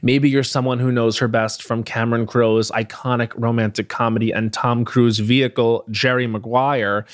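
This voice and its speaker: A man's voice: medium pitch, no echo, clean studio sound. A man hosting a podcast, reading a scripted introduction in a playful, gossipy way with jokey asides. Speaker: podcast host.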